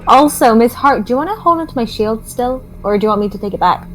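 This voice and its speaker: A woman's voice: a little high, expressive, quick pace, fairly bright tone. A woman playing a tabletop game, talking eagerly and chattily with the group. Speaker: player. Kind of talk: tabletop role-play chat. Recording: music faint behind.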